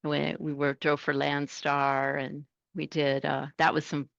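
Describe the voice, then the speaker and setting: A middle-aged woman tells her stories as a guest in a casual interview. She is animated and acts out the voices she quotes, in a lowish voice. The recording is dry and a bit dull. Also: unhurried, gravelly, dry recording. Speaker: truck driver guest.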